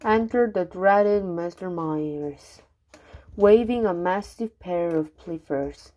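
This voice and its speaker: A woman reading rhyming children's poems aloud, unhurried, now and then stumbling and restarting a word. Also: on the low side, dark tone, lo-fi sound. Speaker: reader.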